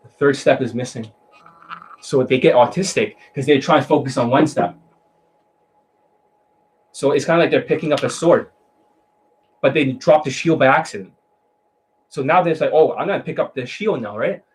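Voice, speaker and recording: A man's voice: mid-range voice, fairly even intonation, moderate pace, long pauses, poor audio. A man coaching on dating in a blunt, mocking monologue, swearing often and mimicking voices to make his points.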